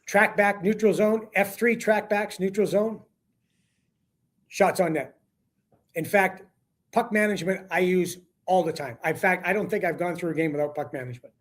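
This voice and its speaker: Man, animated storyteller, fairly high voice, casual sports talk guest. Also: normal speed. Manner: animated storyteller, acts out quotes with rising voice. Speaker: hockey broadcaster, guest.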